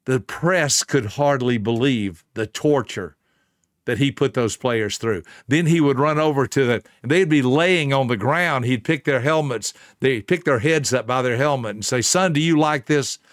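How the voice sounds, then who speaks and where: Man, mid-pitched, earnest motivational storyteller, dry close sound. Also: moderate pace, no echo. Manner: earnest, emphatic, speaks directly to listener. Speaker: motivational speaker.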